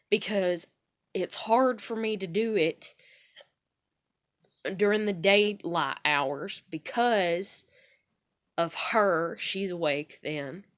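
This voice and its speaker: A woman, rambling through a personal story in a candid vlog and swearing casually. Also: mid-range voice. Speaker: vlogger.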